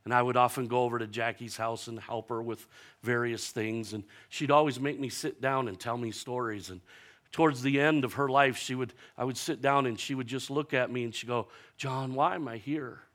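A man preaching a sermon as pastor, telling stories animatedly and slowing down for emphatic, repeated lines. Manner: animated storytelling, acting out quoted voices with big jumps in pitch and loudness; preaching with slow, emphatic repetition.

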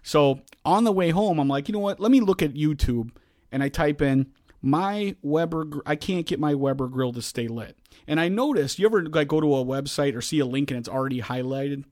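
A man, a podcast host, telling a long frustrated story in casual chat, shouting now and then as he acts out the scene. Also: a little high, fairly quick, dry recording, clean studio sound. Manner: animated, yells when reenacting.

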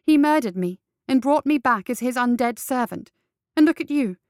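A woman's voice: high voice, lively intonation, moderate pace, darkish tone, no echo, studio quality, pitched above the performer's own voice. A woman voicing a young undead female servant, bitter and defiant, speaking sharply and indignantly.

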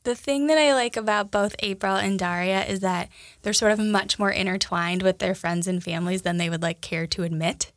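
A young woman with a Minnesota accent chats casually as a podcast co-host, rambling through fillers and restarts. Her voice has a gravelly fry, and the sound is close and dry. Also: medium pitch, normal speed, no room sound. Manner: chatty, many fillers and restarts. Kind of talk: casual chat.

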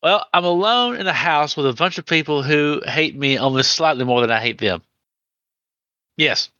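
A man's voice: fairly high pitch, animated, normal speed, bright, forceful tone, no echo, lo-fi sound. A man playing a drunk, bitter uncle. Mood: wry. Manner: stammering, jittery, wry.

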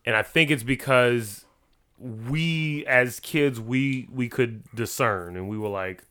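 A young man in casual podcast chat, loud and animated, swearing freely. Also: mid-range voice, slow, clear, resonant tone.

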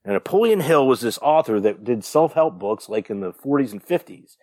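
A man's voice: medium pitch, animated, a little fast, darkish tone, dry recording, clean studio sound. A young man, a podcast co-host, rambling through a casual story with lots of fillers and the odd swear. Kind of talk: casual chat.

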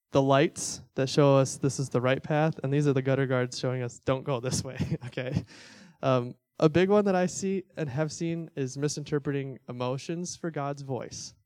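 A man's voice: mid-range voice, darkish tone, clean tone, no room sound. A young man giving a casual, conversational church teaching, full of fillers and little laughs. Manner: conversational, filler-heavy, self-deprecating laughs.

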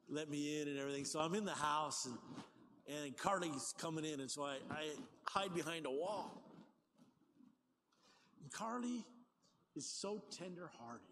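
High-voiced older male pastor preaching. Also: a little hiss or hum. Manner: conversational, animated, folksy asides. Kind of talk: sermon. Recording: long hall reverb, faint ambience.

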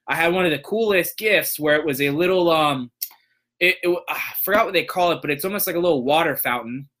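Bright, animated man telling a story. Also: a little high. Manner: animated, acts out voices in quotes. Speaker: podcast host, motivational speaker. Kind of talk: casual storytelling.

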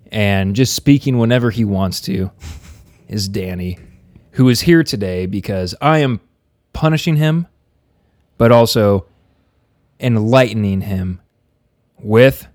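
A man hosting a casual podcast, joking and rambling through loose banter with quick asides. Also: fairly low pitch, expressive. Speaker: podcast host.

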